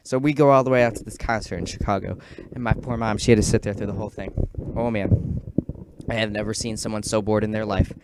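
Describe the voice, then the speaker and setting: A teenage boy tells rambling stand-up stories in a low-pitched voice. He keeps jumping into squealing, shouted impressions of the people in his stories. Heavy background noise runs under the whole recording. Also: quick pace. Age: teens. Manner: rambling, excitable, acts out quotes with sudden loud squeals. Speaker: amateur stand-up comic. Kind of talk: casual stand-up storytelling.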